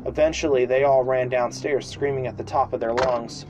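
A man's voice: mid-range voice, fairly even intonation, normal speed, noisy background. A man reading a homemade story aloud, stumbling and restarting now and then. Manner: reads with slips and restarts, shouting the screams. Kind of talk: amateur read-aloud storytelling.

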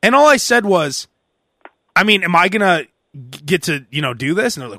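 Recorded in a clean studio with no echo, this male podcast host speaks fairly quickly in a high-sitting voice. He shares a casual story with lots of laughter, animatedly mimicking the people in it.

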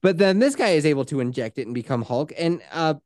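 A podcast co-host in a casual recap chat, retelling scenes in a profane, animated way and slipping into quoted voices. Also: mid-range voice, fast, no echo, clean studio sound.

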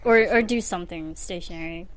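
A woman's voice: on the low side, a little fast, crowd noise. Woman, podcast co-host, upbeat, casual chat, steers the talk. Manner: upbeat, leads the topics.

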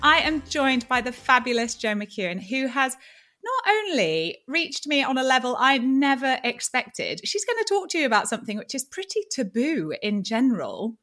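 Bubbly woman hosting a chat show, bright voice, lots of energy. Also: high-pitched, moderate pace. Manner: enthusiastic, animated storytelling. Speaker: podcast host. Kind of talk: casual interview chat.

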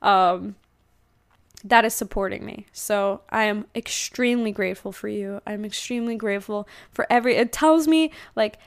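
Chatty young woman hosting a podcast. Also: fairly high pitch. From United States. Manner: chatty and rambling, with frequent fillers and self-corrections. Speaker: podcast host. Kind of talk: casual solo podcast monologue.

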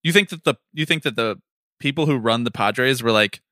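A man co-hosting a casual sports chat, ranting in an animated way, swearing and laughing often. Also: mid-range voice, fairly quick, no echo, studio quality. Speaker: podcast co-host.

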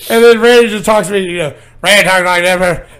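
A young man with a high, light voice chats loosely as a podcast co-host. He tells crude bathroom stories and keeps laughing through them. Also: fast talker, a bit bright, clean tone. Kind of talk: casual chat.

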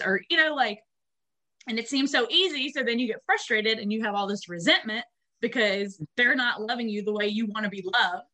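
A young woman co-hosting a podcast, chatting casually and swearing freely as she tells animated stories with acted-out quotes. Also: fairly high pitch, brisk. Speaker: podcast co-host. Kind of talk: casual chat.

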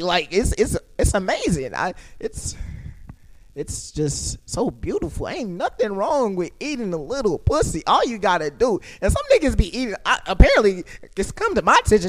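Animated young man telling a crude story. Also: high-pitched, normal speed. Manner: animated, profane, acts out quotes in big voice swings. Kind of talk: casual comedic storytelling. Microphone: own recording setup.

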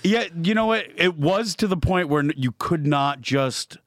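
A man's voice: a little high, lively intonation, moderate pace, dry recording. A man, a comedian, making dry, wry remarks in a casual podcast chat.

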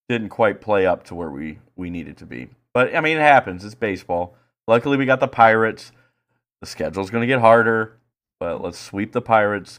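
Low-voiced man, profane and animated. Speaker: podcast co-host. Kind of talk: casual chat.

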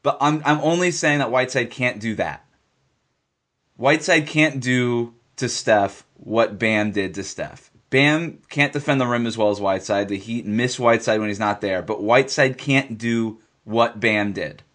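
A man with an ordinary mid-pitched voice talks basketball on a podcast. He argues his case emphatically, circling back to the same lines to stress them. His delivery is casual but insistent. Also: normal speed, a bit bright. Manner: emphatic, repeats points for stress. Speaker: sports podcast co-host. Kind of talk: casual sports talk.

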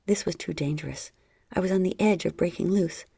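Woman reading a story, low gravelly warm voice, breathy, super dry close mic. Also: brisk, no echo. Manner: low, breathy, half-whispered intimate delivery. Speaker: narrator. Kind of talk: intimate first-person story reading.

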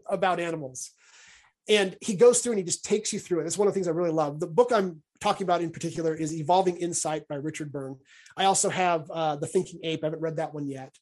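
A man's voice: high voice, darkish tone, husky. A man hosting a podcast, explaining ideas in a casual discussion and often restarting and repeating words as he thinks aloud. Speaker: podcast host.

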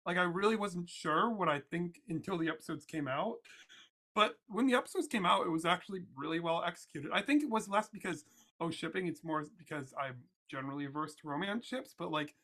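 A man joining a podcast panel, his voice bright and a little high for a man. He shares his views earnestly and thoughtfully, weighing his words as he goes. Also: a little fast. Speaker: podcast co-guest. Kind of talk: casual podcast chat.

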